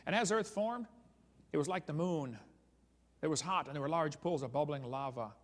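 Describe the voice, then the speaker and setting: A man's voice: on the high side, normal speed, big-room sound. A man giving a humorous seminar talk as a creationist speaker, sarcastic and chuckling at his own jokes.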